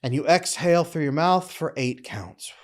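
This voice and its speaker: A middle-aged man teaching relationship skills to camera, emphatic, acting out breathing and relaxed posture as he explains. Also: on the high side, normal speed, slight background noise. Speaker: relationship coach.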